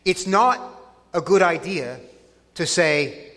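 A man preaching a sermon in a deliberate way, with dry irony. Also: on the high side, expressive, fairly bright tone. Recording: long reverb of a large hall.

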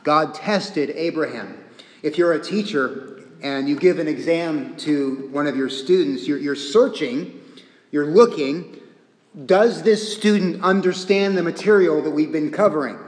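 Male pastor, sermon delivery, slow and earnest, long church reverb. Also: fairly high pitch, a little mellow. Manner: earnest preaching with repeated phrases, pausing often.

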